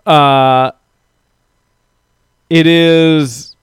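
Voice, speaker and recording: A man's voice: fairly high pitch, steady tone, drawn-out words, smooth, no echo. A man hosting a live stream, chatting casually and rambling as he reads out viewers' comments. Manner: rambling, talks to chat viewers, mock-quotes people. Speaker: podcast host.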